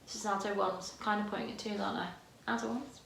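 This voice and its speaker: A woman's voice: mid-range voice, steady tone, quick pace, gravelly, a bit bright, reverberant, a little hiss or hum. A woman choir director teaching parts by singing them, her voice tired today. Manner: demonstrates lines by singing, chatty and self-correcting. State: tired voice, using head voice.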